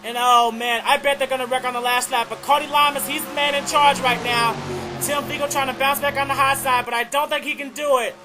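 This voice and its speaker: A young man doing excited play-by-play commentary on a race, repeating "oh man" and running out of breath. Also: very high voice, brisk, music in the background. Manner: excitable, keeps saying "oh man".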